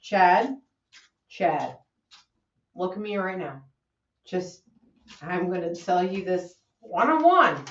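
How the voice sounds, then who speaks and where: A woman's voice: fairly low pitch, lively intonation, slow, long pauses. A woman co-hosting a casual chat about drinks, teasing and swearing as she talks. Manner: playful, teasing, swears, laughs often. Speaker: channel co-host. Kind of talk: casual banter while mixing drinks. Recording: roomy, distant, dull lo-fi sound.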